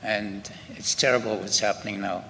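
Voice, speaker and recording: An older man from Scotland with a Scottish accent, giving halting personal testimony at a memorial ceremony, often restarting his sentences. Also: fairly low pitch, steady tone, sharp tone. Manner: unhurried, halting, with frequent restarts. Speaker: Holocaust survivor speaker. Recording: long hall reverb with faint ambient noise.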